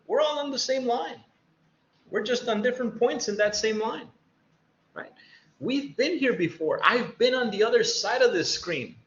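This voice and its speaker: A middle-aged man with a high voice talks to students over a video call. He sounds conversational and encouraging and acts out little exchanges between teacher and student. The audio is roomy and echoey, with a muffled, dull tone. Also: fairly bright tone. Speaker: college faculty member. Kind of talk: virtual panel talk to students.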